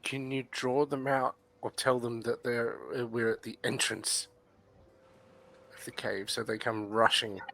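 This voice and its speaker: Bright halting Australian man. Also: mid-range voice, level tone, low-quality recording. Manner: halting, restarts his questions. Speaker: player. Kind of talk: casual tabletop game chat.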